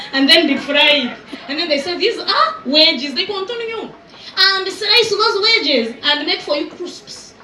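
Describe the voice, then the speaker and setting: Teasing woman comedian, high and bright. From Uganda. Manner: teasing, animated, storytelling with exaggeration. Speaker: stand-up comedian and event host. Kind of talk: live stand-up crowd work. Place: outdoor resort event with audience. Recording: echoey venue sound from far off.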